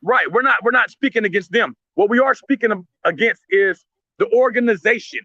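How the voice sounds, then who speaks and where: A man's voice: sits high, a little fast, sharp tone, dry recording, highs cut off. A man speaking in heated, blunt commentary, profane and impassioned, often restarting his sentences.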